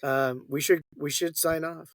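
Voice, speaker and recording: A man's voice: on the high side, steady tone, unhurried, no room sound. A man co-hosting a podcast in casual chat, a rambling storyteller who acts out the dialogue he quotes. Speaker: podcast co-host.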